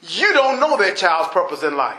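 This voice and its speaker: A man preaching a sermon, shouting emphatic lines and acting out everyday people in a lowered voice. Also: sing-song, normal speed. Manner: impassioned, shouting emphatic preaching with rising bursts. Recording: roomy echo.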